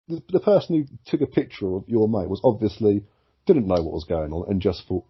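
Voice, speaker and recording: A man's voice: on the low side, very animated, moderate pace, breathy edge, muffled recording. A man co-hosting a podcast, ranting and swearing heavily. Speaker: podcast co-host. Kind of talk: casual podcast chat.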